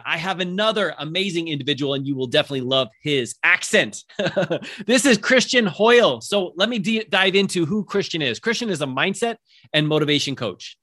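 A man's voice: fairly high pitch, lively intonation, a little fast, sharp tone. A middle-aged man from Southern California hosting a podcast, upbeat and enthusiastic in casual interview chat. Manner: upbeat, enthusiastic, many fillers. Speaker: podcast host.

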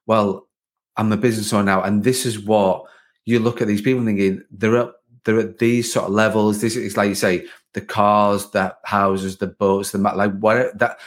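Male podcast host, slightly low voice, loose rambling delivery. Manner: rambling, many restarts and "like" fillers. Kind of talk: casual interview chat.

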